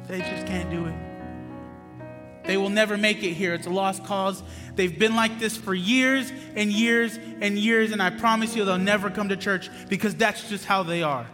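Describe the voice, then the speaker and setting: A pastor preaching a passionate sermon in a church, moving between loud emphatic bursts and quiet asides. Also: male voice, sits high. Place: church sanctuary. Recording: long hall reverb with music underneath. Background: music playing under the preaching.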